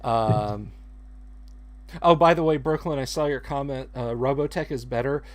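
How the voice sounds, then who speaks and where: A man co-hosting a casual chat, halting and restarting as he searches for words. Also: medium pitch. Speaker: co-host.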